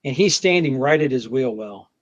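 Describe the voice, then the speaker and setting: A man, a federal agent, recounting a confrontation in casual conversation, repeating words and acting out what was shouted. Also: mid-range voice, moderate pace. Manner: animated, restarts often, acts out shouted quotes. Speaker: federal agent telling a story. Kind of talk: conversational storytelling. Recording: dull lo-fi podcast audio.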